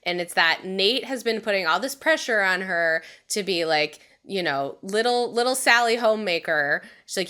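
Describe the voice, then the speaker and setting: A young adult woman co-hosting a podcast, recapping a TV episode with animated storytelling, quoting characters, laughing often and swearing casually. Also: mid-range voice, normal speed, few pauses, clean tone. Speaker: podcast co-host.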